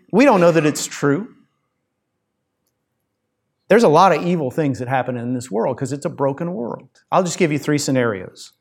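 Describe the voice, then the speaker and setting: A middle-aged man preaching a sermon, speaking straight to his congregation in a conversational, self-deprecating way. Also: a little high. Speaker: pastor.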